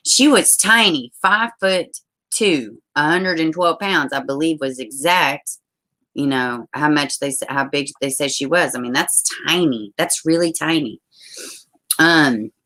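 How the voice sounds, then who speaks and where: A woman's voice: very deep voice, a bit bright. A woman hosting a casual livestream, chatting with viewers and reading their comments aloud. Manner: chatty, reads out viewer comments, uses y'all. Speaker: livestream host.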